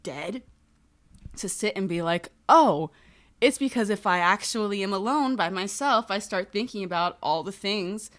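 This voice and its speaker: A woman's voice: mid-range voice, animated, moderate pace, a bit bright. A woman guest on a podcast, chatting casually and candidly, swearing freely and acting out quoted voices.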